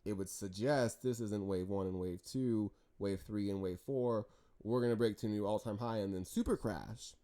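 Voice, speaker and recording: Mellow-voiced man talking through stock charts. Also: fairly low pitch, moderate pace. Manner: animated and talkative, with frequent restarts and jokes. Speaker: stock market chart analyst. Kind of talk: casual market commentary over charts.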